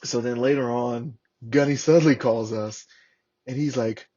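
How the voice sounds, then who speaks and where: Male podcast guest, 30s, former Marine; profane, animated storyteller; average pitch; dull lo-fi recording. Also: measured pace. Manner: profane, animated, acts out shouted quotes. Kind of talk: casual storytelling. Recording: lo-fi podcast audio.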